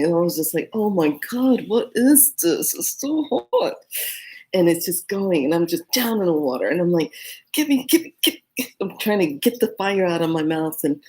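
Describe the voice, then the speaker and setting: A spiritual vlogger with a low voice tells a story in a casual monologue, animated and acting out her own reactions. She also offers earnest advice about energy and manifestation.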